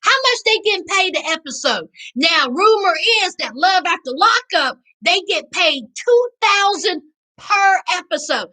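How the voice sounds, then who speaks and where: A woman with a Southern US accent hosting a casual live recap, reading chat aloud and riffing in a sassy, animated way. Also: extremely high pitch, a little slow, poor audio. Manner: sassy, animated, calls viewers child and honey. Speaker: livestream host reading chat.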